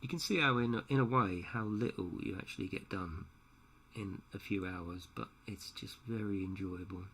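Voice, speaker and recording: A man's voice: low voice, normal speed, bright, forceful tone, slight background noise. A man streaming live from home as he paints a model, talking casually and joking often with his viewers. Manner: chatty, jokey, laughs often. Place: home room at night. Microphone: headset.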